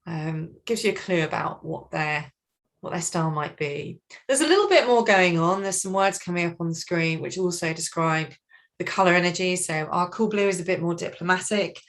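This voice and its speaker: A woman trainer leading an online workshop on communication styles, speaking in an animated, expressive way over a video call. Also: lowish voice, moderate pace. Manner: animated, expressive, acts out colleagues.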